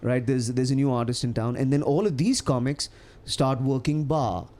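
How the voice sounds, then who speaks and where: Indian guy on a comedy podcast, animated, laughs a lot, restarts his sentences. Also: medium pitch, normal speed. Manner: animated storyteller, laughs often, many restarts. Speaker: comedian guest. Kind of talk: casual podcast chat.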